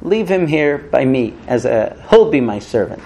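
A man's voice: medium pitch, sing-song, normal speed, gravelly, mellow, voice pushed down. A man voicing Yosef, a powerful ruler bargaining with his brothers, in a casual conversational way with fillers.

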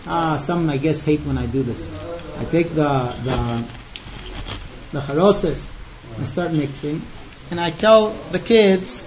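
A man with a high voice teaches a text in a dull, lo-fi recording. He rattles off the Hebrew fast, then slows down to explain each line. He sounds emphatic and talks straight to the listener. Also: a little hiss or hum. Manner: chants the Hebrew quickly, then explains it in plain talk. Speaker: Torah teacher.

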